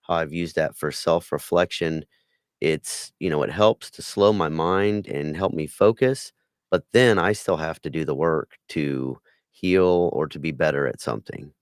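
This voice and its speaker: A man hosting a podcast speaks in a very low, deep voice. He asks relaxed follow-up questions and ties them to his own experience. The recording is dry and close. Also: measured pace, smooth, no echo. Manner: conversational, relates topics to his own experience. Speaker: podcast host. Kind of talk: interview questions.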